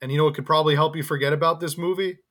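Man, podcast co-host, bright voice, slightly high, animated, jokey, restarts a lot. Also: racing. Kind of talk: casual movie review chat.

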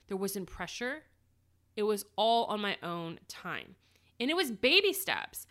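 A woman casually telling a personal story about starting her small business, animated and lively. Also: mid-range voice. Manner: animated, lively retelling with acted quotes.

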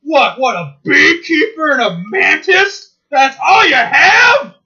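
A man's voice: very high voice, sing-song, slow, pushed and bright, muffled recording, voice pushed up, heavily acted. A man voicing a cranky, sarcastic cartoon mantis sidekick who shrieks and rants. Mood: shrill ranting. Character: shrill, cranky insect sidekick, male, mantis-like.

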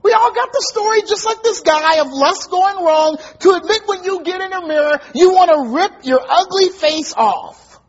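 A man preaching a sermon, telling a story and acting out voices, building to emphatic shouts. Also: extremely high pitch, moderate pace, few pauses, muffled recording. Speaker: pastor.

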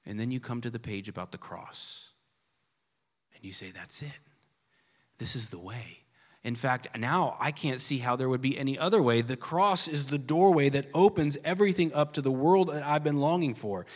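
A pastor preaching a sermon with earnest emphasis that drops at times to a hushed, soft delivery. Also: male voice, medium pitch, moderate pace. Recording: long reverb of a large hall.

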